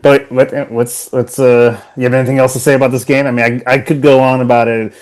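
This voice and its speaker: A man's voice: medium pitch, little pitch movement, brisk. A man co-hosting a football podcast in casual chat, rambling with many fillers and restarts. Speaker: podcast co-host.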